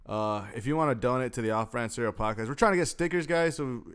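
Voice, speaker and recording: A man's voice: medium pitch, fast talker, fairly bright tone, slight background noise. A young man from Texas co-hosting a podcast, rambling, joking and swearing in casual chat. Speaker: podcast co-host.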